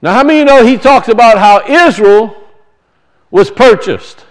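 A man's voice: sits high, moderate pace, rough recording. A man preaching a sermon, teaching through rhetorical questions and emphatic repetition.

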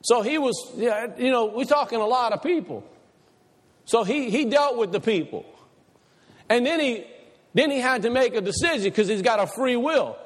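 Preacher, male, high voice, folksy Southern phrasing, engages the congregation, long hall reverb. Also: expressive, moderate pace. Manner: asks the congregation questions. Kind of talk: sermon.

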